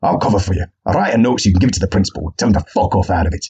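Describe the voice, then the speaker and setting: Man as crude pushy boxing coach, deep and husky, lo-fi. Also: lively intonation, racing, warm tone, exaggerated voice. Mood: egging on. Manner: gruff, egging on, crude.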